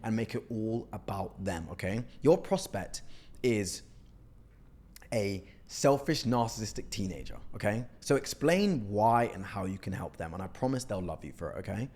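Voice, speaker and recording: Blunt, animated young man coaching. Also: lowish voice, moderate pace. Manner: blunt, animated, mocking, says "okay?" a lot. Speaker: outreach coach reviewing cold emails. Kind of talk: casual critique to camera.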